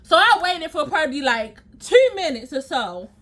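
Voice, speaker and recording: A woman vlogger telling a personal story in an animated, emphatic and profane way, acting out scenes with sound effects. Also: high-pitched, moderate pace.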